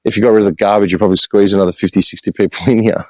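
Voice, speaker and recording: Man, Australian accent, low-pitched voice, dry close mic, animated exasperated storytelling, casual outdoor vlog. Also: rapid-fire, no room sound, rough recording. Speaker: podcast host. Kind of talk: casual walk-and-talk vlog monologue. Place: outdoor hillside cemetery with birds.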